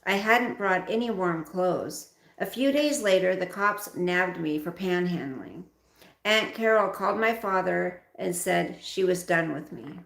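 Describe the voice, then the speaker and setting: A woman's voice: on the low side, a little slow, vocal fry, a bit bright, roomy sound. A woman hosting a livestream and reading a memoir aloud, breaking off now and then to speak directly to her viewers.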